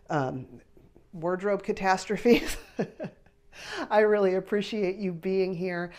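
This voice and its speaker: A woman in her fifties, a grandmother, chatting casually to her viewers as a vlog host, rambling and warmly animated as she tells a family story. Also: sits low. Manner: chatty, rambling, animated when telling stories. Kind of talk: casual chat to camera.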